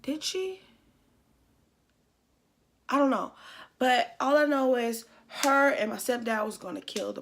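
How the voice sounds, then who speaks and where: A woman's voice: sits high, unhurried, pauses often, fairly bright tone. A young adult woman telling a casual story time to her viewers, chatty and profane, with lots of fillers. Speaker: YouTuber.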